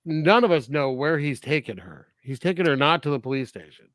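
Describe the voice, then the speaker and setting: A man's voice: a little high, lively intonation, brisk, fairly bright tone, dry recording. A man co-hosting a film review podcast in casual chat, often laughing as he recaps scenes. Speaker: podcast co-host.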